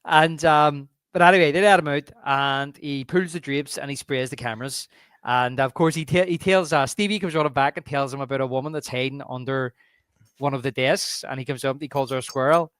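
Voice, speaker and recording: Animated Belfast man chatting films. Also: medium pitch, clear, resonant tone, no room sound, studio quality. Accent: Northern Irish (Belfast). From Northern Ireland. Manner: animated, acts out movie lines in quick impressions. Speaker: podcast co-host. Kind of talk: casual film chat.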